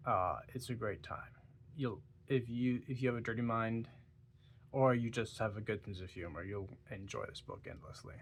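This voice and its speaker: A man's voice: lowish voice, normal speed. Tired, giggly young man rambling. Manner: rambling, giggly, with stumbles and laughs. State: tired, yawning. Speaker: book reviewer. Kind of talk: casual book talk vlog.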